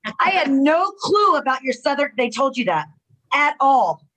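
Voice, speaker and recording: Co-host, woman, high-ish voice, chatty and animated. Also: moderate pace, crowd noise, rough recording. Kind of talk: casual chat.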